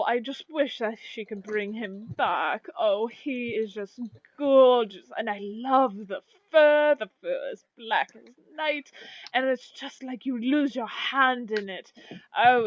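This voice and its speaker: A woman's voice: fairly high pitch, animated, a little slow, no echo. A woman voicing a giddy, gushing shopkeeper who starts nearly every line with "oh", speaking for a pair of shopkeepers in a tabletop game. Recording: dull lo-fi dry recording.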